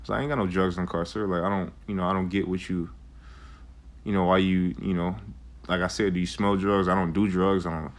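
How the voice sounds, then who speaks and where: A man's voice: low voice, little pitch movement, brisk. A young man telling a rambling, profane personal story in a casual way, with lots of fillers. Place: Arizona.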